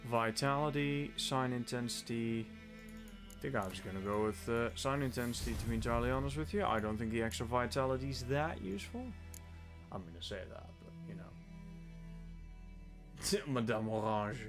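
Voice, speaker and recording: A man's voice: medium pitch, moderate pace, music in the background. A man from the Netherlands streaming a game live, joking about himself and swearing freely as he talks through his inventory. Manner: joking, self-mocking, swears often. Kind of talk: casual live gameplay commentary.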